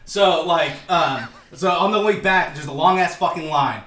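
A man co-hosting a podcast, telling stories in a casual, animated way, laughing often and swearing freely. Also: fairly high pitch, moderate pace, echoey room. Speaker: podcast co-host. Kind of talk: casual storytelling chat.

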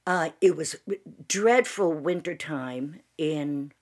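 A woman's voice: sits low, slow. A woman in her sixties, co-hosting a casual tea chat with her son, telling long stories with many restarts and recaps. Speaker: podcast co-host.

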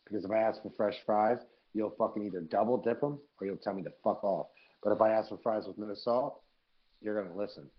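Profane, animated man on a podcast. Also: lowish voice, brisk, muffled recording. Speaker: podcast co-host. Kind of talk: casual chat.

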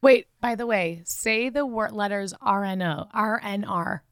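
A woman's voice: medium pitch, unhurried, smooth, no room sound, clean studio sound. A woman from the United States, co-hosting a podcast, telling a story in a playful, jokey way. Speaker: podcast co-host. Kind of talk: casual chat and storytelling.

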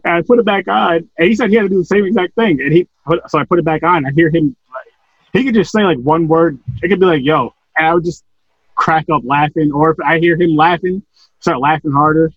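A man with a husky, slightly high voice chats easily and swears without thinking. The recording is dry and close, with a dull, lo-fi sound. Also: fairly quick, no room sound. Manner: laid-back, swears casually. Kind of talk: casual movie review chat.

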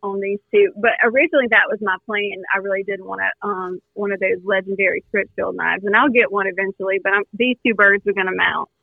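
A woman from Louisiana, a guest telling her hunting story in an earnest, animated way with lots of fillers, heard over a phone line. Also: medium pitch, fairly quick, vocal fry, few pauses, no echo. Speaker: guest hunter. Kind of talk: storytelling in a podcast interview.

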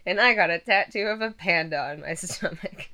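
Woman, twenties, casual interviewee; bright, slightly low voice, rambling with plenty of fillers. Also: moderate pace. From western Pennsylvania. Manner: rambling, laughs often, many fillers. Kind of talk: casual chat.

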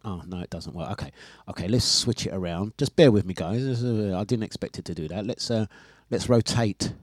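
A man hosting a breakfast radio show, telling a story in a casual, animated way with laughs and exasperation. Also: mid-range voice, no echo, clean studio sound. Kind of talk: casual chat on live radio stream.

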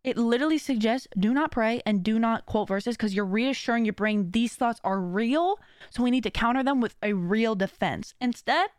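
A woman hosting her own podcast, chatting casually with lots of slang and frequent laughter. Her voice sits fairly high, and the sound is dry and close with no room echo. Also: normal speed, clean tone. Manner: animated, slangy, laughs often. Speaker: podcast host. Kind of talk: casual chat.

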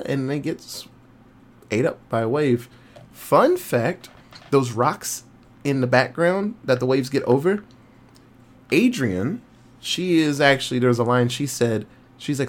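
A young man co-hosting a podcast, casually retelling a movie plot with animated quoted voices and some swearing. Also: medium pitch, moderate pace. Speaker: podcast co-host. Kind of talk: casual movie review chat.

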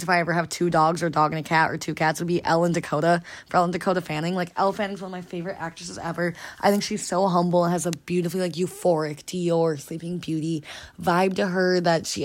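A young woman in her twenties hosts a podcast in a rapid, rambling patter. Her voice sits somewhat low, and "like" fills nearly every phrase as she jumps from thought to thought. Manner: rambling, heavy use of filler "like". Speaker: podcast host. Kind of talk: casual chat.

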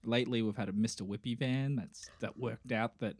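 A man's voice: medium pitch, steady tone, brisk, no room sound. An Australian man chatting casually on a podcast, joking and acting out little scenes. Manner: joking, acts out voices in his stories. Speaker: podcast co-host. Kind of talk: casual chat.

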